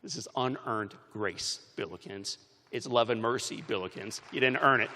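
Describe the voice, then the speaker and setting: A man giving a commencement speech, telling stories with animated shifts between loud and soft, recorded in a large arena. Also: lowish voice, normal speed, big-room sound, a little hiss or hum. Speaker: commencement speaker. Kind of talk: motivational speech.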